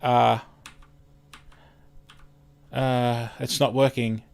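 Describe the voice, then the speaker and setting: A chatty Australian man hosts a live stream in an easygoing, rambling way. His voice sits at an ordinary middle pitch, and his sentences often trail off and start over as he loses his words. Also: level tone, extremely slow, creaky, smooth. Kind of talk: casual live-stream chat.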